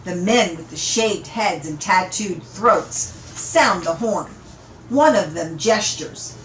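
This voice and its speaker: A woman reading a novel aloud in an unhurried, amused storytelling manner, in an echoey room. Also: lowish voice, animated, a bit bright, slight background noise. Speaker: audiobook reader. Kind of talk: read-aloud story narration.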